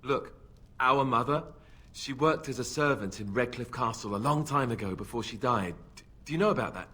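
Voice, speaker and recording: An actor playing a nervous young warrior who stammers and babbles anxiously, with a husky voice. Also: male voice, medium pitch, normal speed, sharp tone. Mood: earnest. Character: nervous young warrior meeting his lost sister.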